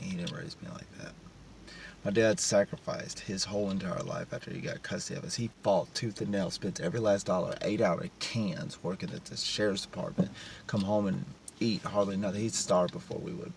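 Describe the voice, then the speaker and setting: A man's voice: low-pitched, steady tone, fairly quick, vocal fry. A man talking in a raw, emotional personal confession, blunt and profane. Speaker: vlogger. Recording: distant mic with vehicle noise.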